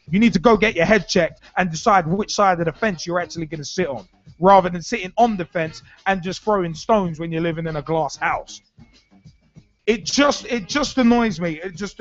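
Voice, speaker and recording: High-voiced ranting man. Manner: ranting, repetitive, blunt and heated. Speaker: football talk show host. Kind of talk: opinionated live football talk. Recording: dull lo-fi sound with faint music.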